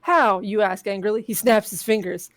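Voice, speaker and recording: On a game stream playing a text adventure, a female co-host reads the story text aloud and adds joking asides. Her mid-range, slightly mellow voice moves at normal speed, captured echo-free on a home desk microphone.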